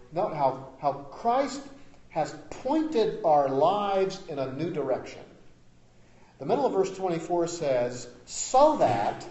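A man preaching a sermon as pastor. He is emphatic, rising to loud declarations and dropping to quiet asides. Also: a little high, echoey room, muffled recording.

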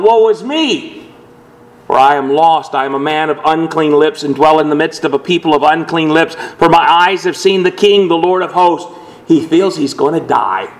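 A man with a somewhat high voice preaches a sermon to his congregation. He speaks earnestly and measured, and he gives the scripture quotations a dramatic lift. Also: poor audio. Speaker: pastor.

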